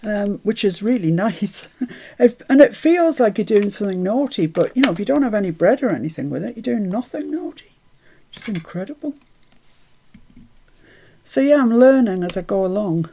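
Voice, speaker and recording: A woman hosts a relaxed crafting livestream in a gravelly, creaky voice. She murmurs her steps half to herself, then lifts her voice brightly to greet viewers in the chat. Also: medium pitch, moderate pace. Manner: chatty, greets viewers brightly, mutters to herself while working. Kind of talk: casual live chat while crafting.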